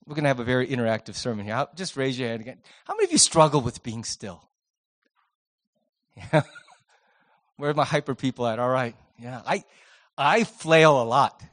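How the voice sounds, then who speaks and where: A middle-aged man preaching a sermon as pastor, swinging between loud emphasis and soft, hushed passages. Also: mid-range voice, expressive, moderate pace, pauses often. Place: church sanctuary.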